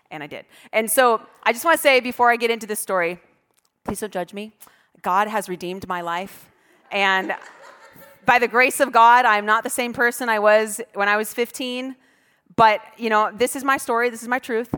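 A woman pastor telling a self-deprecating personal story in a sermon from the stage, animated and acting out her past self. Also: fairly high pitch, fairly quick. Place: church stage. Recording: long church hall reverb.

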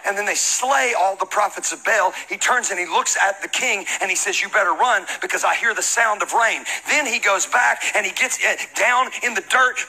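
Man, pastor, preaching a sermon, high voice, very bright, husky edge, jokey, radio broadcast sound. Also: poor audio. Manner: humorous, conversational preaching with shouted Bible readings.

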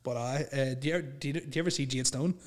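A man's voice: mid-range voice, very fast. Laughing Northern Irish man on a podcast. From Northern Ireland. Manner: laughs often, swears freely, lots of fillers. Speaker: podcast co-host. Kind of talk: casual podcast chat.

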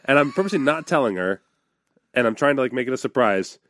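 A man's voice: mid-range voice, expressive, fast talker, noisy background. A man co-hosting a podcast, telling a story in casual chat and laughing often. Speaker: podcast co-host.

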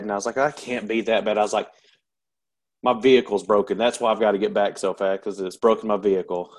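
A man, a military veteran, telling a painful personal story in an interview, halting and candid with many pauses and restarts. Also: fairly low pitch, little pitch movement.

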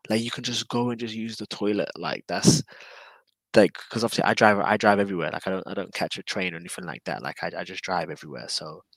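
A man with a London accent talks in a low, gravelly voice, easygoing and slangy as he rambles and repeats himself. His voice sounds close and dry, as a guest in a casual interview chat. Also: fast, a bit bright, no echo, poor audio. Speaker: guest, drifter.

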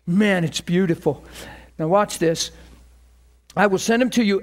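A man giving an informal sermon, telling stories with repeated words and rising to excited peaks. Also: sits high, measured pace. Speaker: preacher.

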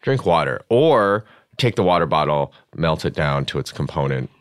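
A man's voice: rumbling low, sing-song, normal speed, no echo, studio quality. A man co-hosting a podcast, loose and joking, swearing casually as he wraps up the show. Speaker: podcast co-host. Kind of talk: casual chat.

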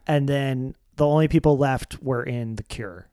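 A man's voice: medium pitch, normal speed, warm tone, smooth, no echo, clean studio sound. A man co-hosting a casual chat about music videos, chatty and joking as he explains. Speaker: co-host.

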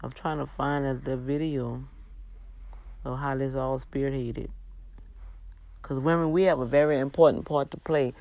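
A woman's voice: a bass voice, steady tone, darkish tone, no echo. Earnest woman exhorting on a faith livestream. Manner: earnest, exhorting, preacher-like, drawn-out emphasis. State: tired, yawning. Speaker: livestream host. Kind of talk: casual faith talk on a livestream.

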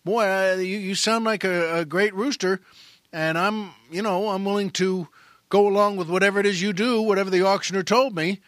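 A bewildered old farmer, flustered and stammering, trips over his words and keeps them low and hushed, as a man puts him on. His tone stays bright and edgy even as it drops. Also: normal speed, no room sound, clean studio sound. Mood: earnest. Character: bewildered soft-spoken older male farmer.

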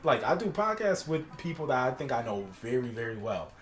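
A man's voice: mid-range voice, very animated, brisk. A man hosting a podcast in casual chat, blunt and opinionated with lots of slang. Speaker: podcast host. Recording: roomy echo.

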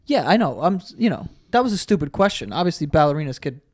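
A young man co-hosting a podcast, talking fast and casually with lots of swearing, his voice cracking now and then. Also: on the high side, very animated, no room sound, clean studio sound. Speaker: podcast co-host. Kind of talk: casual chat.

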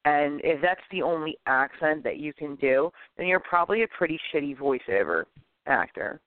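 A man hosting a podcast in casual chat, animated and opinionated, rambling with many restarts. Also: on the high side, normal speed. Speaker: podcast host. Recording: tinny phone-like lo-fi audio, dry.

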